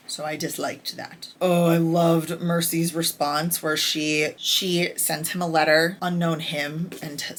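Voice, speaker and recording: A woman's voice: low voice, a bit bright, a little hiss or hum. A woman chatting casually as a book reviewer, candid and enthusiastic about her favorite lines.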